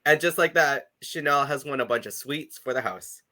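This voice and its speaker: A man's voice: fairly high pitch, normal speed, bright, forceful tone. A man co-hosting a podcast, chatting casually with lots of fillers and laughter. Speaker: podcast co-host. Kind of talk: casual chat.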